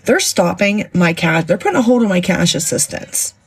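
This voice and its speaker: A woman's voice: fairly low pitch, sing-song, moderate pace, husky. A woman complaining indignantly to her viewers in a casual phone video. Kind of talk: casual social media rant.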